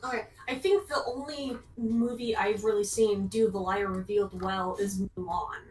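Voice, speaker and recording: A woman's voice: mid-range voice, fairly even intonation, moderate pace, a little mellow. Woman, casual co-host, blunt, swears, distant echoey recording. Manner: blunt, swears, laughs easily. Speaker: reaction video co-host. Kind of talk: casual group chat.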